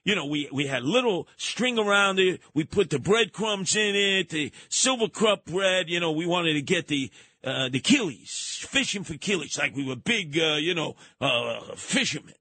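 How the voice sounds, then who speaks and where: Animated older New man telling stories. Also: on the high side, moderate pace. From New York. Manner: animated, colorful storytelling with bursts of shouting. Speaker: radio talk show host. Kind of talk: storytelling monologue.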